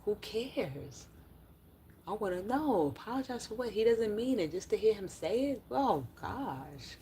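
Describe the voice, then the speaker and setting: A woman's voice: medium pitch, animated, moderate pace, warm tone, a little hiss or hum. A woman ranting bluntly and profanely on a casual livestream, reading chat comments aloud.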